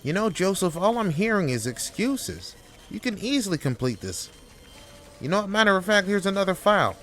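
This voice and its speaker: A man's voice: high-pitched, sing-song, moderate pace, fairly bright tone, pitched above the performer's own voice. A man doing a pushy office boss. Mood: impatient. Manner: bossy, belittling, raised voice.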